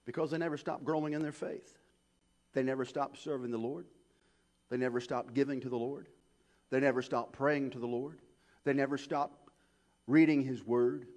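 A man preaching a sermon, swinging from hushed asides to shouted peaks. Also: mid-range voice. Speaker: pastor.

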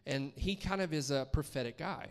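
A man's voice: fairly high pitch, normal speed, long reverb tail. A man from the States, a guest preacher telling his testimony in a conversational storytelling way, acting out his own reactions. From Columbus, Georgia, US. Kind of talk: testimony sermon. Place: church sanctuary.

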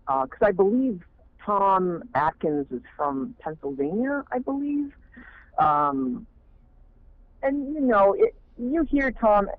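A man's voice: a little high, dry recording. A man, a fan film director, talking in a rambling way with many fillers and restarts. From Maine. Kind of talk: casual interview talk. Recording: muffled phone line.

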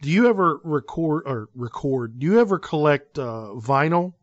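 A man co-hosting a casual podcast, speaking in an easygoing way and trailing off softly at the ends of phrases. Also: a little high, expressive, moderate pace, no room sound, highs cut off. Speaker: podcast co-host.

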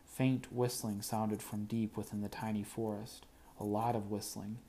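A man narrating an audiobook in first person, wry and even. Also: on the low side, normal speed.

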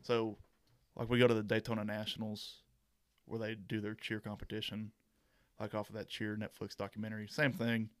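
A man's voice: on the low side, flat delivery, moderate pace. A young man, a university mascot performer, chatting as a guest in an easygoing, rambling way. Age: young adult. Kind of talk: casual interview chat.

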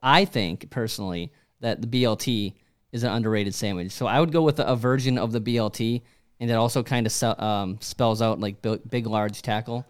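Quick-talking man who stumbles over his words. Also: lowish voice, smooth. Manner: halting, self-correcting. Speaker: podcast co-host. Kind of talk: casual chat.

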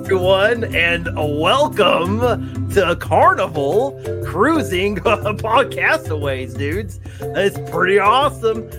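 A man putting on a laid-back, excitable surfer-dude dad voice with a drawn-out, gushing delivery, pitched up high. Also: music in the background, heavily acted. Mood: excited.

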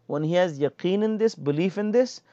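Man, casual religious lesson, animated, higher voice, dull dry lo-fi sound. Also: moderate pace, no echo. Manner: casual, animated, acts out complaints. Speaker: teacher explaining hadith.

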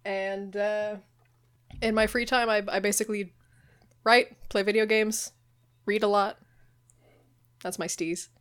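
A woman's voice: medium pitch, steady tone, a little slow, pauses often, smooth. A woman co-hosting a podcast in casual chat, making dry joking asides. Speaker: podcast co-host.

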